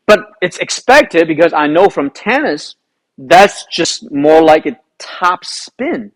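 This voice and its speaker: A man, a golf instructor, recounting a round in an animated storytelling way, asking himself rhetorical questions. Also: on the high side, slow pace, poor audio. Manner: animated, rhetorical questions, re-enacts his own thoughts.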